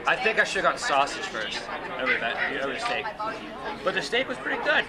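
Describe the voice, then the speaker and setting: A man's voice: a little high, big pitch swings, fairly quick. A young man at a bar food challenge, talking casually in an exhausted, rambling way with lots of fillers. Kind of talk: casual chat. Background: loud crowd.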